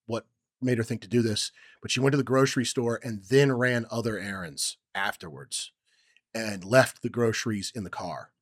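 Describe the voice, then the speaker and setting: A young man co-hosting a podcast who tells a personal story in a rambling way, with many ums, and acts out quotes loudly. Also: medium pitch, dry recording, studio quality. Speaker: podcast co-host. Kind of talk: casual chat, personal story.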